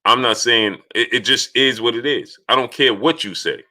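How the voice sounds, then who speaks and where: A man's voice: mid-range voice, normal speed, few pauses. A man hosting a casual live stream, reading out viewer names to greet them and arguing his points. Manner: reads out viewer names and greets each one; grows loud and insistent when arguing.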